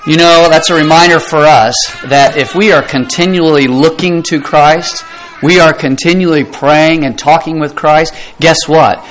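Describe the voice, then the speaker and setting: Male pastor, middle-aged, mid-high voice; earnest, emphatic sermon delivery with rhetorical questions. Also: steady tone, normal speed, low-quality recording. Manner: earnest, emphatic preaching with rhetorical questions and quiet dramatic drops.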